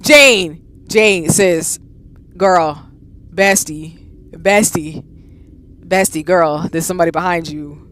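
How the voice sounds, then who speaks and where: Loud, exclaiming woman gamer. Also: lowish voice, slight background noise. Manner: loud, exclamatory, repeating words in rapid bursts. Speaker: gaming channel host. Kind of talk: reacting aloud while playing a visual novel.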